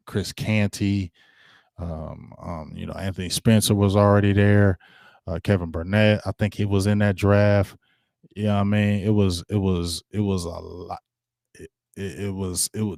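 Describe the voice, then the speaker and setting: A man's voice: no room sound, clean studio sound. A man hosting his own football talk show, speaking casually in slang and repeating himself as he gets worked up. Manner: animated, slangy, repeats himself, rises in pitch when fired up. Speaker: sports talk show host. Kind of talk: casual solo sports commentary.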